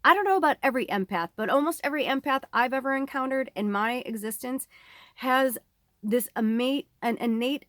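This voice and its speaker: A woman's voice: a little high, no echo, clean studio sound. A woman in her thirties giving a casual psychic reading, talking candidly and rambling, swearing freely. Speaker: psychic medium. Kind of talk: casual spiritual reading monologue.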